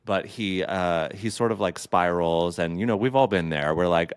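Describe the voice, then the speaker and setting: A man's voice: sits low, moderate pace, few pauses, clean tone, no echo, clean studio sound. A man hosting his own podcast, chatting alone in a playful, campy way with a caffeinated energy. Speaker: podcast host. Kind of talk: casual solo podcast chat.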